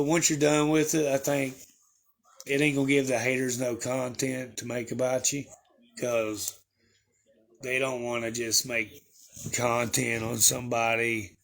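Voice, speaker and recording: A man's voice: medium pitch, gravelly, fairly bright tone. A young man chatting casually to his viewers, telling a rambling story with crude slang and lots of fillers. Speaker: livestreamer.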